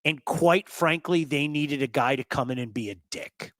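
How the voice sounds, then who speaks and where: Emphatic, animated male sports host. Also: on the high side, moderate pace, no room sound. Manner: emphatic, animated storyteller who repeats words for effect. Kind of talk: casual sports talk.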